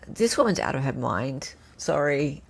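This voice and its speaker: A woman hosting a live chat show, her talk full of swings in pitch as she reads out viewer comments and reacts. Her voice has a slightly gravelly, fry-tinged edge, and she keeps the tone loose and conversational. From Australia. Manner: animated, chatty, reads viewer comments aloud. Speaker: host. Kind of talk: casual livestream chat reading comments.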